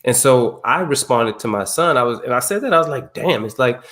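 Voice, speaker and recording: A man's voice: medium pitch, animated, brisk, hardly any pauses, a bit bright. A man hosting an online men's circle on a video call, talking casually and emphatically with slang, telling personal stories. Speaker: circle host. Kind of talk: casual group talk.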